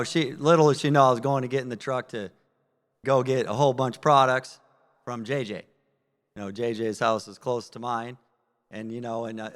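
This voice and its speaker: A man giving a live sales training talk, energetic and asking the audience questions. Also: medium pitch, long reverb tail. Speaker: network marketing trainer. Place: training event room with audience.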